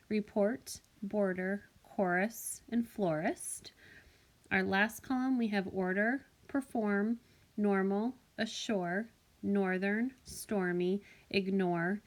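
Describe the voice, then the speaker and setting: A woman teacher recording a phonics lesson for children, speaking gently and clearly and clapping out syllables. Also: mid-range voice. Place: voice-over for a whiteboard app. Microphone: tablet microphone.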